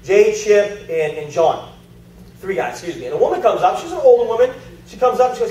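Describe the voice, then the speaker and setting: A man's voice: sits high, expressive, a little fast, darkish tone. A man giving a chatty sales presentation to a live group, telling stories and quizzing the audience. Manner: chatty storyteller, asks audience questions. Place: meeting room with an audience. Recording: echoey room, heard from far off.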